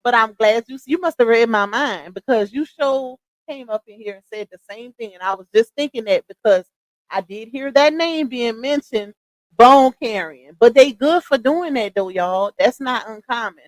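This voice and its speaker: A woman's voice: on the high side, expressive, moderate pace, no room sound, low-quality recording. A woman hosting a casual livestream, greeting her viewers by name and thanking them in a way of speaking. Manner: chatty, warm shout-outs with laughs. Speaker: livestream host.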